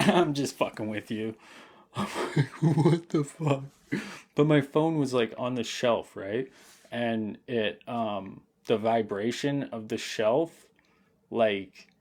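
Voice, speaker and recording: Young guy, a bit drunk, streaming late at night; mid-pitched voice, loose rambling profane storytelling with lots of laughing. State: intoxicated.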